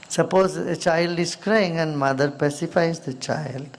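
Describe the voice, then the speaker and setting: A man with an Indian accent, a spiritual teacher giving a slow, soft-spoken talk with stories, sometimes dropping to near-whispers. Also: a little high, gravelly.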